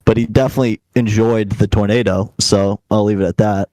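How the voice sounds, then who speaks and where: A young man with a low, mellow voice chats in a laid-back way, padding his sentences with "like" and trailing clauses. His voice is close and dry on a studio mic. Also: steady tone, brisk, no echo, poor audio. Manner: rambling, filler-heavy, laid-back. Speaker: podcast co-host. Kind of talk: casual podcast chat.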